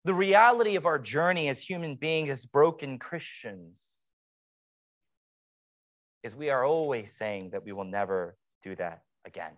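A young man preaching a sermon as pastor, swinging between hushed, quiet passages and playful mock-excited sarcasm. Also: medium pitch, measured pace, pauses often.

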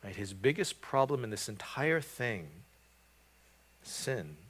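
A man preaching a sermon, earnest and emphatic, often restarting phrases and building to loud, rising stretches. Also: medium pitch, big pitch swings, slow pace. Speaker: pastor.

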